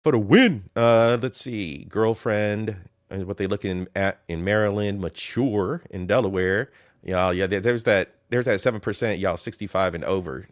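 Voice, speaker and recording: A man's voice: on the low side, normal speed. A man hosting a casual reaction commentary, mocking and profane as he reads through a list. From Ohio. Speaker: commentary host.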